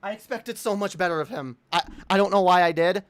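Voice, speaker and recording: A woman's voice: fairly low pitch, fairly quick, dry recording. A woman ranting in a commentary video, stammering and repeating words, swearing and indignant. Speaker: commentary streamer. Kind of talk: heated commentary rant.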